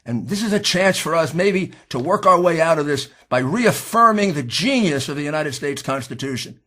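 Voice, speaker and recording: A man with a husky voice giving an impassioned, combative political speech, pushing hard on key words. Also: on the high side, lively intonation, moderate pace. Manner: emphatic, combative, rising to shouts. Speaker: speaker at a political hearing.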